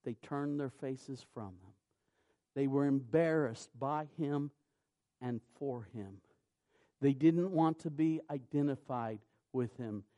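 Slow, deliberate preacher man. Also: mid-range voice, lo-fi sound. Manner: slow and deliberate, rising to loud emphatic peaks; reads scripture aloud in measured cadence. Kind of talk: sermon.

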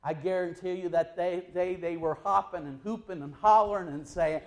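A man pastor preaching an impassioned sermon that swings between loud outbursts and quiet asides. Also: high voice, steady tone, moderate pace, few pauses.

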